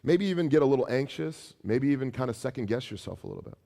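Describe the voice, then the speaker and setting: A man preaching as pastor, animated, acting out taunts in a raised voice, with some restarts. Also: mid-range voice, quick pace, vocal fry, long reverb tail. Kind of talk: sermon.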